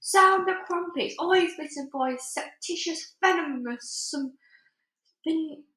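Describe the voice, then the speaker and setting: A woman voicing a huge, cowardly male man-eating giant who bellows his words slowly with mangled grammar. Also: very high-pitched, pushed and bright, a little hiss or hum, pitched above the performer's own voice, exaggerated voice. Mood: panicked. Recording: roomy echo.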